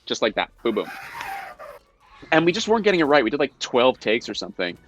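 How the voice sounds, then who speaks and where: A man talks fast in a medium pitch, with slight background noise. He's a guest actor on a live video call from indoors at home, animatedly sharing behind-the-scenes stories and defending himself with playful, mock-indignant flair.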